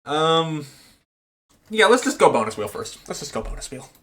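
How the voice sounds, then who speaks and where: Podcast host guy, laughs a lot, voice jumps all over, a bit high. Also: normal speed. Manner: laughs often, lively joking. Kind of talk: casual chat.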